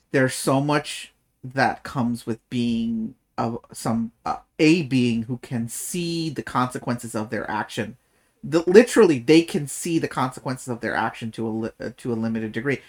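Animated man recapping a book. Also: medium pitch. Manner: animated, swears, laughs often. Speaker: podcast co-host. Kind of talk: casual book discussion.

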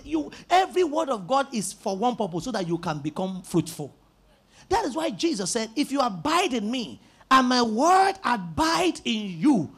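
Husky high-voiced man preaching emphatically. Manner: emphatic preaching with repeated words and rising shouts. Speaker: pastor. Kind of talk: sermon.

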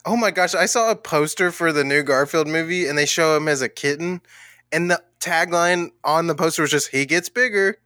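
A man's voice: a little high, moderate pace, sharp tone, no room sound, clean studio sound. A man co-hosting a movie podcast in casual chat, rambling and laughing often. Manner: giggly, rambling, laughs a lot. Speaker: podcast co-host.

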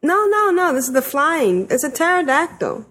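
A woman's voice: high voice, sing-song, moderate pace, fairly bright tone. A woman hosting a casual podcast chat, rambling with fillers and laughing often. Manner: chatty, giggly, rambling with fillers. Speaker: podcast host.

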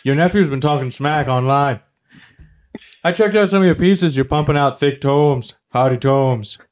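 A man on a comedy podcast doing an impression of a famous older male comedian, delivering flippant, deadpan jokes in character. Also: fairly high pitch, normal speed, close to an everyday voice. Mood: joking.

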